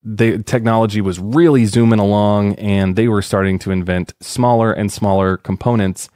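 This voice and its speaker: Man, podcast co-host, rambling joking delivery, low voice, dry close sound. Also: fairly even intonation, normal speed, warm tone, clean tone, no echo. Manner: joking, rambling history telling. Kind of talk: casual podcast chat.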